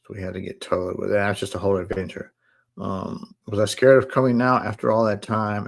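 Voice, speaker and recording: A man in his forties with a low, gravelly voice tells his story in a casual, unhurried way. He drops relaxed slang and calls his listeners bro, as if he is chatting with friends on a live stream. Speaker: live stream host sharing his testimony.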